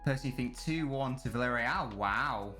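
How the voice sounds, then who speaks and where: A man's voice: mid-range voice, moderate pace, pushed and bright, faint music behind. Streamer chatting with his live chat. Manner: casual, swears, banters with chat, reads messages aloud. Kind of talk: live football watch-along chat.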